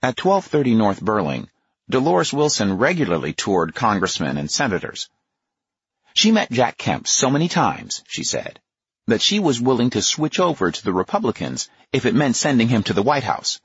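A man with a husky voice giving a measured, expressive nonfiction audiobook narration. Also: mid-range voice, no echo, highs cut off.

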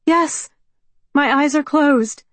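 A woman narrator voicing a frightened young pregnant woman, with a high, urgent, pleading delivery. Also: takes it slowly, no echo.

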